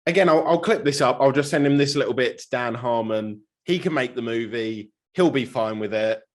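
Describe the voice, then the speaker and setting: A man's voice: medium pitch, a little fast. A man interviewing a guest in a casual chat, playful and joking.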